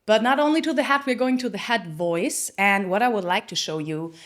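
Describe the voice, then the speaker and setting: A woman's voice: medium pitch, fairly quick, fairly bright tone. A woman voice coach explaining singing technique step by step, with a slightly turn of phrase, now and then breaking into short sung examples. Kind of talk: singing lesson with sung demonstrations.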